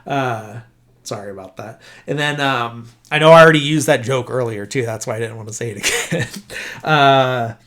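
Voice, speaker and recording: A man's voice: mid-range voice, normal speed, fairly bright tone. A man hosting a podcast who casually retells a film scene by scene, with lots of "uh" and "like" and frequent self-corrections. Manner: rambling, heavy filler words like "uh" and "like"; self-correcting, loses his train of thought. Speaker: podcast host. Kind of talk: casual podcast movie recap.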